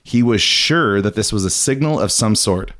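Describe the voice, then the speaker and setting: A man's voice: on the low side, expressive, normal speed, a bit bright. A man hosting a casual podcast chat, chatty and laughing, acting out the people he talks about. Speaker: podcast host.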